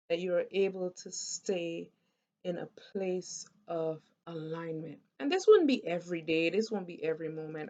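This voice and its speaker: A woman talks through a wellness lesson in a relaxed, conversational way, with a gravelly rasp in her voice. She keeps pausing to check that her viewers follow along. The recording is somewhat dull and lo-fi. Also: on the low side. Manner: conversational, often checks in with "right?". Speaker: wellness vlogger. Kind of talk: casual teaching talk to camera.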